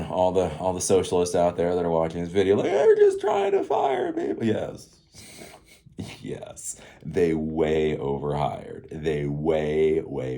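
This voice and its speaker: A middle-aged man with a notably low voice hosts a casual solo commentary. He rambles in loose, sarcastic asides and breaks into chuckles often. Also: dark tone. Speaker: tech commentary host.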